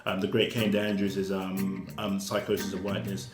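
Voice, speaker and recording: Brief: low-pitched man, author guest, halting and filler-heavy, echoey room. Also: monotone, over music. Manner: hesitant, many fillers and repeated words. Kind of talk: casual conversation.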